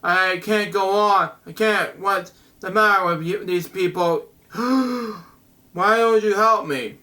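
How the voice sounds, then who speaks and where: A man's voice: sits high, a little slow. A man reading as a lost, frightened man begging for help. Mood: pleading. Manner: flat, plain reading voice with stumbles.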